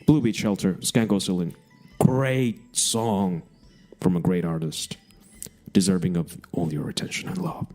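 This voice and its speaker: A man's voice: deep voice, unhurried, a little mellow. A man hosting a radio music show, chatting casually and jokily between songs, rambling and cutting himself off. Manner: rambling, self-interrupting, jokey.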